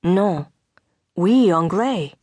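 A woman's voice: lowish voice, expressive, extremely slow, warm tone, dry recording, full character voice. A woman voicing a direct, earnest French farm widow under forty in an audiobook.

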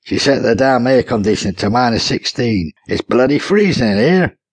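A man voicing a grumpy, deaf old man who curses gruffly. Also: medium pitch, expressive, moderate pace, no room sound. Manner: gruff, cursing.

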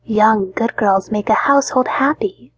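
A woman doing a breathy, preachy mother. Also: on the high side, unhurried, dry recording.

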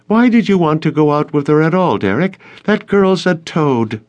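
A man voicing a mocking teenage girl with a shrill, taunting voice in an audiobook. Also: animated, slow pace, a little mellow, lo-fi sound.

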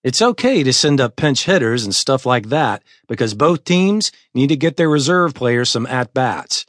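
A man narrating a first-person audiobook in a measured, deliberate way. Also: medium pitch, lively intonation, fairly bright tone, no echo, clean studio sound.

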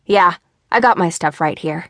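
A woman's voice: on the low side, normal speed, no echo, studio quality, natural voice. A woman voicing an eager young boy who pleads with his mother. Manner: pleading, excited.

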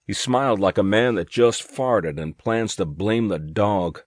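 A man's voice: fairly low pitch, measured pace, hardly any pauses, no echo. A man narrating first-person fiction as an audiobook, in a dry, wry storytelling manner.

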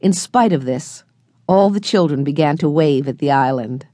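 A woman reads a children's storybook aloud with clear, expressive storytelling. Her voice sits on the low side but moves through a wide, lively range. It is recorded close to the mic, dry and without any room sound. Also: normal speed, no room sound. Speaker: audiobook narrator. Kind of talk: scripted narration of a children's book.

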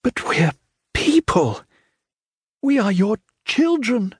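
A man voicing a desperate young daughter who pleads in a high, strained voice. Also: sing-song, slow, slightly rough, dry recording, studio quality, exaggerated voice. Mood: pleading.

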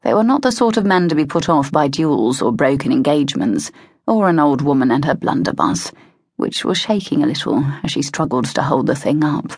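A woman narrating an audiobook in a measured, expressive way, close to a studio mic. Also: sits low, slightly rough, dry recording. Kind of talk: scripted narration of a historical romance.

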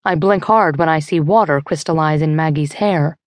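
A woman reading a first-person thriller audiobook in a lowish, even voice. The studio sound is close and dead dry, her delivery tense and measured. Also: dry recording. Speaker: audiobook narrator. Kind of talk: first-person scripted narration. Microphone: close studio mic.

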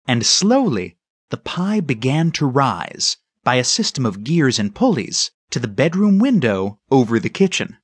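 A man narrating a children's storybook in a husky voice. His pitch moves in a lively, storytelling way. The studio recording is close and dry. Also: dry recording. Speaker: audiobook narrator. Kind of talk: scripted narration.

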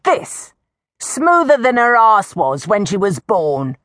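A woman voicing a crude, indignant old village woman who shouts accusations in a coarse, shrill voice. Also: big pitch swings, slow, no echo, clean studio sound. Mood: accusing.

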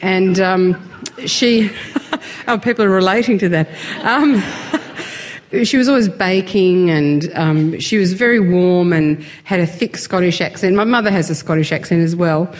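A woman's voice: lowish voice, measured pace. A woman guest in a casual interview, chatty and self-deprecating, laughing often as she talks.

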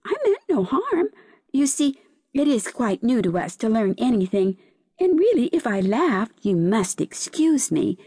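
Storybook seaweed, chatty and teasing, pitched high and swinging up and down , played by a woman reader. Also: unhurried, breathy edge, no echo, clean studio sound, heavily acted. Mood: apologetic. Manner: lively, high-pitched, lilting. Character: chatty, mocking seaweed, quick to laugh.

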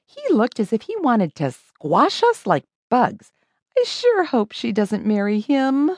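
A woman's voice: fairly high pitch, wildly swooping pitch, takes it slowly, a little mellow, no room sound, clean studio sound, exaggerated voice. A woman voicing a twelve-year-old twin girl who shrieks in panic and speaks bluntly. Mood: wary.

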